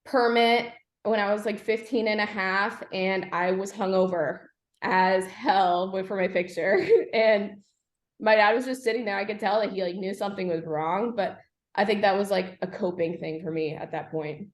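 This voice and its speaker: A young woman, a podcast guest, telling her personal story candidly, with frequent pauses and fillers. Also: medium pitch, fairly even intonation. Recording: echoey room.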